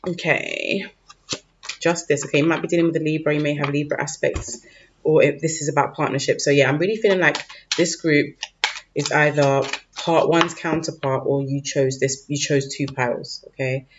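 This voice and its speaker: A man's voice: on the high side, normal speed. A man giving a casual tarot reading to camera, informal and slangy, often checking in with "okay?". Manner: informal, peppered with "okay?" and "like", loose slangy phrasing. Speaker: tarot reader. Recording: dull lo-fi recording with faint noise.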